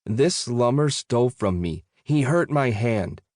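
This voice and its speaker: A man's voice: lively intonation, a little slow, a little mellow, dry recording, studio quality, close to an everyday voice. A man voicing a cowardly, whiny rich city man with a nasal voice. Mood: petulant. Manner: high, petulant, pleading.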